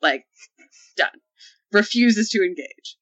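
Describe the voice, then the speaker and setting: A woman's voice: mid-range voice, expressive, takes it slowly, a bit bright, highs cut off. A woman on a podcast panel, chatting casually and acting out quoted lines in playful voices. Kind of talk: casual discussion.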